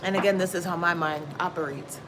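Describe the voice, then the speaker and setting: A woman hosting a tarot stream, talking casually and bluntly to her viewers with lots of swearing and quick asides. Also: on the low side. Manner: blunt, profane, chatty, laughs and exclaims often. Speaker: tarot reader livestream host. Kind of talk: casual spiritual talk to viewers. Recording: steady background noise.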